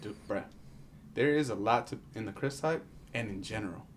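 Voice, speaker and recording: A man's voice: lowish voice, moderate pace, slight background noise. Playful, teasing man on a podcast. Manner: playful, teasing, filler-heavy. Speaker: podcast co-host. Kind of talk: casual chat.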